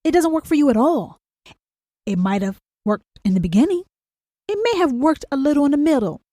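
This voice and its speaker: A woman's voice: sits high, big pitch swings, a little fast, mellow, no echo, clean studio sound. A woman hosting a podcast, delivering a blunt, confrontational monologue full of rhetorical questions and swearing. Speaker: podcast host. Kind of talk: profane motivational monologue.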